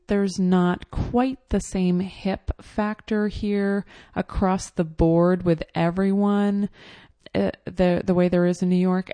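Woman telling a story, chatty and fed up, low mellow voice, many fillers. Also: no echo. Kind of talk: casual personal anecdote.

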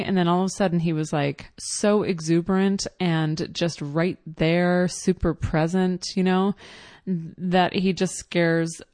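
A woman's voice: fairly low pitch, a little mellow, no room sound. A woman in her thirties telling a casual first-person story in a chatty, reflective way, with many ums and quoted asides.

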